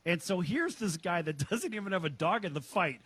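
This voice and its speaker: A man hosting a sports talk show, loud, brash and joking, reading ads and bantering with his co-host. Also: high voice, animated, moderate pace, slightly rough.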